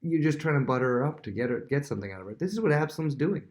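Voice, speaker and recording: A man's voice: a little high, lively intonation, very fast, a little mellow. A man who is a worship leader, teaching a casual Bible lesson with everyday examples and frequent restarts.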